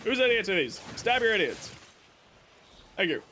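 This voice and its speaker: A man's voice: sits high, sing-song, moderate pace, bright, forceful tone, slight background noise. A male streamer chatting casually to his viewers while playing, rambling and joking at his own expense. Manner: rambling, self-mocking, talks to chat. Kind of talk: casual gaming livestream chatter.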